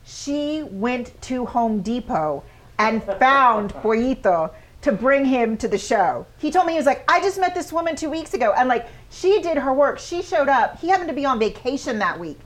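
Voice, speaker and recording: A woman's voice: high voice, expressive, moderate pace. A woman co-hosting a podcast in casual chat, supportive, filling in the story's details. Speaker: podcast co-host.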